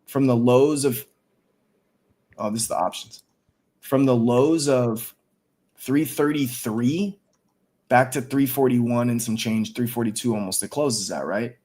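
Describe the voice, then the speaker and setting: A man hosting a casual livestream, talking excitedly and cursing freely. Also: mid-range voice, measured pace, long pauses. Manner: excited, profane, hyped up. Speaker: stream host.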